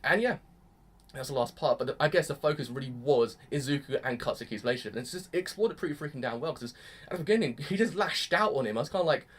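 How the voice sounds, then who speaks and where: A young man at medium pitch gives a quick-paced, casual reaction review of an anime episode. He's gushing and excitable, sprinkling mild swear words throughout.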